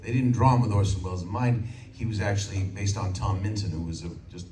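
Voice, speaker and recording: A man in his sixties, a voice actor telling animated stories on a convention panel and slipping into character voices. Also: on the low side, quick pace, a little hiss or hum. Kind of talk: anecdotal panel storytelling. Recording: echoey hall from far off, loud crowd.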